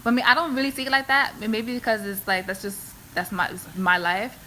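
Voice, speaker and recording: A woman's voice: on the high side, fairly quick, pushed and bright, slight background noise. Chatty young New woman host. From New York City. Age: young adult. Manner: chatty, thinking aloud. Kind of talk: casual chat.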